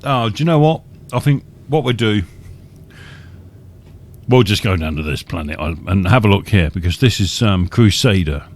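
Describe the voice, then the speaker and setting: A man's voice: lowish voice, lively intonation, moderate pace. A man casually commentating his gameplay live as a streamer, chatty and muttering asides to himself. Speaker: game streamer. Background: spaceship engine and vehicle noise.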